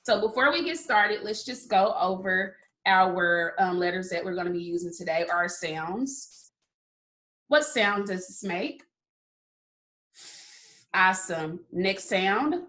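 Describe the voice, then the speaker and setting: Slow, bright kindergarten teacher, echoey room. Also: female voice, mid-range voice. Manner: slow, drawn-out sounding out of words; encouraging, repeated praise. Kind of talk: phonics lesson for young children.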